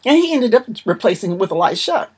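A woman's voice: mid-range voice, sing-song, fast talker, darkish tone, husky. A woman preaching a sermon in an emphatic, repetitive manner.

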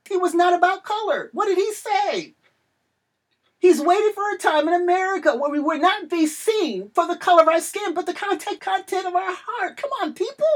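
High-voiced fervent woman preacher. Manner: fervent, declaiming, rising to shouts then dropping to a hush for prayer. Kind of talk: impassioned sermon.

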